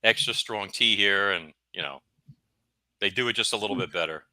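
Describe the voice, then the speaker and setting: A man's voice: on the low side, moderate pace, pushed and bright, dry recording, low-quality recording. A man with a Brooklyn accent, a guest author chatting and telling stories animatedly, often stammering and repeating words. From Brooklyn, New York. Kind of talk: casual storytelling chat.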